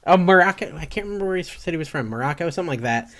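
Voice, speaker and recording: A man's voice: on the high side, animated, racing, fairly bright tone. A man co-hosting a podcast, chatting casually and joking at his own expense. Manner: joking, self-deprecating. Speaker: podcast co-host. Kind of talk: casual chat.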